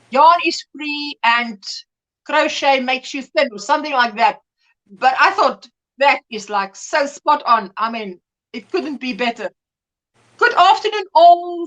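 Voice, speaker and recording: High bright chatty middle-aged woman. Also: low-quality recording. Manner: chatty, reads viewer comments aloud, rambling restarts. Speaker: livestream host. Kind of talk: casual chat.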